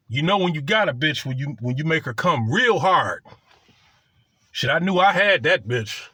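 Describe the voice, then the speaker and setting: A man's voice: fairly high pitch, husky, dry recording. A man casually telling a crude, boastful personal story, swearing freely as he goes. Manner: profane, boastful and animated.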